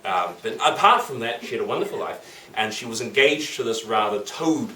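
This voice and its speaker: A playful man tells a legend to a group of children and keeps asking them questions. His pitch leaps and dips constantly. He is recorded from a distance in a reverberant room with faint background noise. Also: animated, normal speed, sharp tone. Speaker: storyteller to children. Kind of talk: lively storytelling for children.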